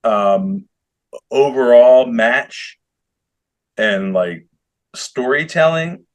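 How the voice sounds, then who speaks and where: A man co-hosting a casual podcast chat, telling stories in an animated way, swearing a lot and laughing often. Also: medium pitch, very slow. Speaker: podcast co-host.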